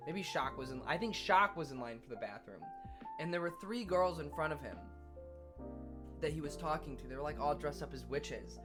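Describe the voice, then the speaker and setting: A young man streaming, telling a story in casual chat, animated and laughing often, swearing freely. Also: fairly high pitch, moderate pace, music in the background.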